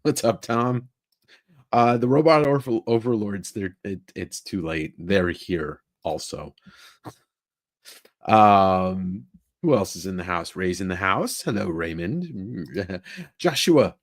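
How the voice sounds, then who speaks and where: A middle-aged man chats loosely on a live stream, joking and rambling as he greets viewers one after another. His voice sits low, and his small travel microphone picks it up dry and close in a tiny room. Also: expressive, slow pace, dry recording. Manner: rambling, jokey, greets chat by name. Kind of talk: casual live-stream chat. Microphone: own travel microphone.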